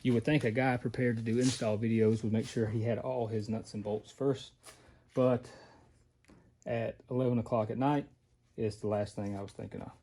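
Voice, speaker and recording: Mellow-voiced man narrating a workshop install. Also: mid-range voice, steady tone, normal speed, a little hiss or hum. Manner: plain-spoken, talks while working. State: out of breath. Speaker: off-road parts maker showing an install. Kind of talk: casual how-to narration.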